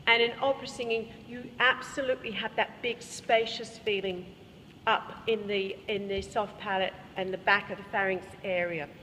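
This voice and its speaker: A woman's voice: mid-range voice, steady tone, normal speed, few pauses, bright, forceful tone. An Australian woman leading a choir workshop, explaining vocal technique and singing short examples. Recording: reverberant hall, faint room noise.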